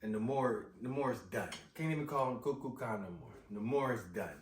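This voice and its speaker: A man recapping a movie in casual chat, animated and slangy, often exclaiming. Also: medium pitch, brisk. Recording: roomy echo, distant mic.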